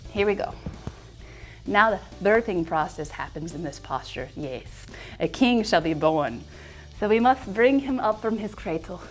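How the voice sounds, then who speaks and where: A woman's voice: mid-range voice, expressive, unhurried, faint music behind. A woman leading a yoga class, chatting and joking playfully as she guides the poses. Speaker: yoga instructor.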